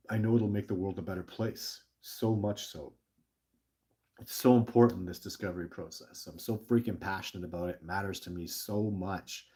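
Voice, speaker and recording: A middle-aged man with a low, husky voice chats casually on a livestream. He rambles with earnest passion, stammers and restarts his sentences, and reads viewer questions aloud. He sounds short on sleep. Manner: passionate and emotional. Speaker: livestream host.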